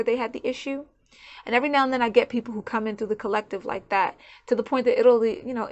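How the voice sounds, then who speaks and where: A woman giving a channeled tarot reading in a loose, conversational way, often repeating words as she searches for her thoughts. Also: mid-range voice. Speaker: tarot reader.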